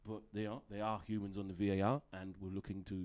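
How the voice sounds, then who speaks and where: A man impersonating a referees' official, talking in a measured, hesitant, official way. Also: lowish voice, flat delivery, darkish tone, pitched below the performer's own voice, lightly acted. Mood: apologetic.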